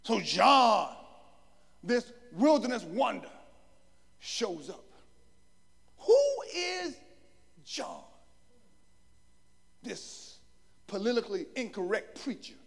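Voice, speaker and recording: Gravelly high-voiced shouting preacher man. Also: huge pitch swings, takes it slowly, long pauses. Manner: emphatic, bursts into shouting. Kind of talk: sermon. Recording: long hall reverb.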